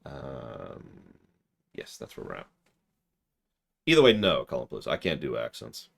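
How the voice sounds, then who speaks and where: Deep-voiced man rambling over game. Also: huge pitch swings, a little slow, creaky, a bit bright. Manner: rambling, interrupts himself, answers chat. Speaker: streamer playing a video game. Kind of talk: casual live-stream commentary.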